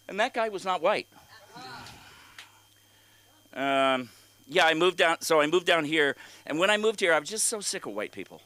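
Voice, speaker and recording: A man doing a stand-up set at an open mic, from California, rambling through halting, crude rants full of fillers and restarts. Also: a little high, lively intonation, bright, forceful tone. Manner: crude, exasperated ranting. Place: comedy club stage.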